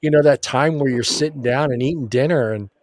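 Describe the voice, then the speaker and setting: A man's voice: mid-range voice, brisk, dry recording. A man co-hosting a casual sports chat show, telling long rambling stories and swearing casually. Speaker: podcast co-host.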